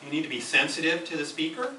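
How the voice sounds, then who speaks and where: Man at the lectern, emphatic teacher type, bright voice, taped from the back of an echoey room. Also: on the high side, very animated, quick pace, a little hiss or hum. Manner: emphatic, instructive, repeats key phrases. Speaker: speaker at a speaking club meeting. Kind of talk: prepared educational speech. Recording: echoey room, camera from far off.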